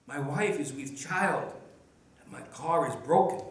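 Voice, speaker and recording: A man's voice: fairly high pitch, measured pace, close to an everyday voice. A man voicing a panicked young husband with a Spanish accent, pleading desperately for help in a story told during a church message. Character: panicked young male driver, expectant husband. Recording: echoey room.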